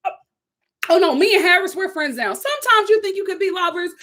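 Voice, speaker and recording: A casual, easygoing mother, as a woman puts her on, brushing things off with a light, high voice. She sounds reassuring and unbothered. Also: lively intonation, a little fast, pushed and bright, heavily acted. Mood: breezy. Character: breezy woman shrugging off an old romance.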